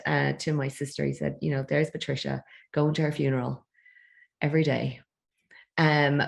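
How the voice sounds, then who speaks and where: A woman, a feng shui expert chatting as a podcast guest and telling her story with quick asides and laughs. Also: deep voice, gravelly. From Ireland. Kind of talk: casual interview chat.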